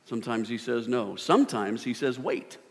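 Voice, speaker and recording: A middle-aged man preaching a sermon, animated, swinging from loud bursts to hushed tones. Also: medium pitch, moderate pace, gravelly. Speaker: pastor. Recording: long hall reverb.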